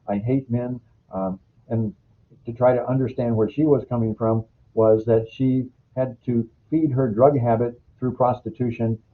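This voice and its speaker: A man from the United States giving a recorded healthcare training lecture, explaining calmly and drawing on stories from past clinical work. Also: medium pitch, a little hiss or hum. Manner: explanatory, uses clinical anecdotes. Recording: phone-like lo-fi recording.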